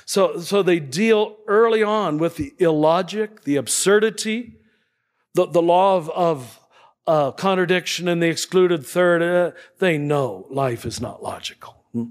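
A man gives a spiritual talk to a gathered audience, his voice sitting a little high for a man. He speaks conversationally, checks in with the room through frequent tag questions, and chuckles softly along the way. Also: a little slow. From United States. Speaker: spiritual teacher.

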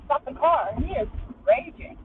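A woman's voice: sits high, lively intonation, moderate pace. A woman co-hosting a podcast over a call, talking casually with a playful, teasing manner. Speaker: podcast co-host. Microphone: call audio. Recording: tinny noisy call line.

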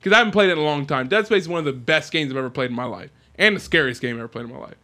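A man co-hosting a podcast, chatting casually and excitedly about video games, rambling with lots of fillers. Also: fairly high pitch, racing. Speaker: podcast co-host.

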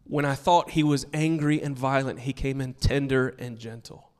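A man's voice: mid-range voice, normal speed, clear, resonant tone, in a large hall. A pastor preaching a sermon to his congregation, emphatic and earnest, telling stories between points. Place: church sanctuary with a congregation.

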